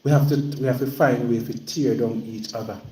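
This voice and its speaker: A man's voice: mid-range voice, steady tone, fairly quick, warm tone. Jamaican man talking in a roomy space. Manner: plain-spoken, repeats himself when stirred. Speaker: livestream host. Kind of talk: casual livestream talk.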